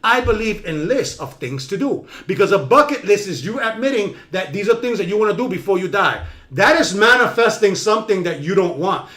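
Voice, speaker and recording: A man hosting a live-streamed talk show, giving an animated motivational monologue that swings from loud emphatic bursts to low quiet asides.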